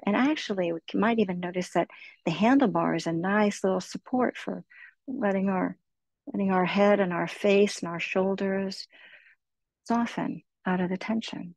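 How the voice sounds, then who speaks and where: A middle-aged woman teaching meditation, guiding listeners slowly and soothingly through body, breath and heart. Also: fairly low pitch, vocal fry, husky, no room sound, rough recording. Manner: slow, soothing, gently encouraging. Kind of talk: guided meditation talk.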